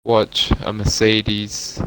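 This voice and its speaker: A man doing live commentary on a sim racing league, in relaxed, joking banter with his co-commentator, through a poor-quality mic. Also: lowish voice, very slow, clear, resonant tone.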